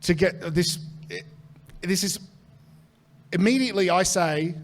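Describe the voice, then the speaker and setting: A man's voice: high voice, measured pace, long pauses, slight background noise. Australian man telling a wild story. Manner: animated, swears freely, acts out quoted voices. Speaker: comedian guest. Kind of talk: live comedic storytelling.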